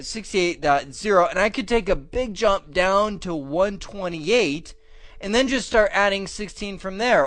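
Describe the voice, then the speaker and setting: A man's voice: sits high, a bit bright, no echo. A man teaching networking in a casual, upbeat way, thinking aloud with fillers and small laughs. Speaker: networking instructor. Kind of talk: casual screen-recorded tech lesson.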